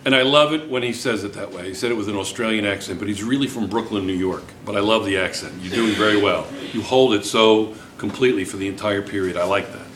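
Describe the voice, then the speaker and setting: A man's voice: on the low side, quick pace, hardly any pauses, reverberant, background noise. A male chemistry teacher lecturing a classroom, firing questions at students and repeating key points.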